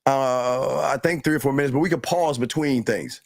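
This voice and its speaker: A man hosting a casual reaction podcast, talking in a rambling way with halting restarts. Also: mid-range voice, slight background noise. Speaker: podcast host.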